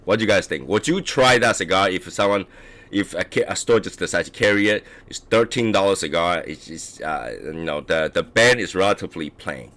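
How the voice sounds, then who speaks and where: A hoarse man hosting a casual cigar chat stream, rambling with halting restarts and clearing his throat often. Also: low-pitched, animated, a bit bright. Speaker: livestream host reviewing cigars.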